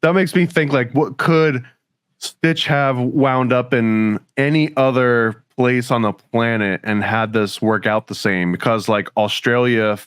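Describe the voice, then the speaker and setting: A man with a smooth, resonant voice talks on a podcast. He poses analytical questions with a wry edge. The recording is dry and close. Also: mid-range voice, steady tone, a little slow, no room sound. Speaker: podcast co-host. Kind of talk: casual chat.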